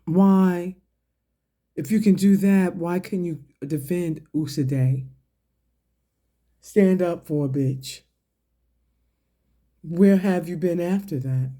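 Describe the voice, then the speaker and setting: A man with a high, dark-toned voice talks straight to his audience in a profane online rant. His delivery is slow and deliberate, full of pointed questions that mock and challenge someone point by point.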